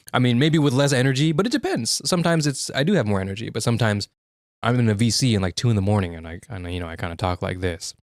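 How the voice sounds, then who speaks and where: Young man, streamer, casual chat, blunt and sweary, mid pitch, dry room. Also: no echo. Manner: frank, profane, with quick restarts.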